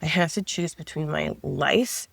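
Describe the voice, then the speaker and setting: A middle-aged woman appears as a guest, telling a personal story in a casual, chatty manner, often saying "like" and voicing her past thoughts out loud. Her low voice is a little slow, with vocal fry and a fairly bright tone, recorded with no echo.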